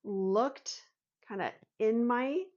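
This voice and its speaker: A woman's voice: fairly high pitch, extremely slow, lo-fi sound. A woman vlogger telling a personal story and explaining an idea in an earnest way, acting out her own inner thoughts as she goes.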